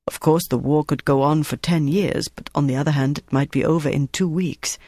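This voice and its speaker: A narrator voicing a brisk, commanding wartime German officer in an audiobook. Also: mid-range voice, steady tone, a little mellow, no room sound, natural voice. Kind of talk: audiobook character voice.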